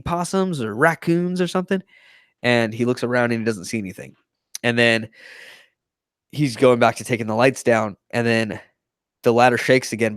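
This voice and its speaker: A young man hosting a casual movie review podcast, excitedly retelling scenes and acting out the characters' lines. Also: mid-range voice, no room sound, studio quality. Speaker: podcast host.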